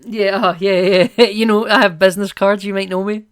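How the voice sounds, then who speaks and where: A man's voice: high voice, fairly even intonation, brisk, a bit bright, clear, resonant tone. A man co-hosting a podcast, chatting casually about a film, rambling and playful with many asides. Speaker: podcast co-host. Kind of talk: casual film-review chat.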